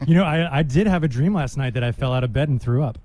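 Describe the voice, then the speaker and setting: A man's voice: mid-range voice, fast talker, mellow. A man co-hosting a live radio show, teasing and joking in casual studio banter.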